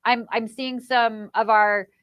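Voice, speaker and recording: A woman co-hosting a live crafting stream from a company office, gushing and emotional with excitement. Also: a little high, slow pace, smooth, no echo, clean studio sound. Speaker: livestream co-host.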